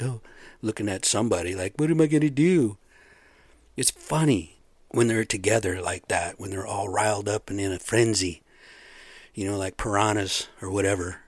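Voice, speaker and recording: A man's voice: on the low side, no room sound. A middle-aged man giving a blunt, profane, rambling solo rant in casual talk. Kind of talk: casual monologue.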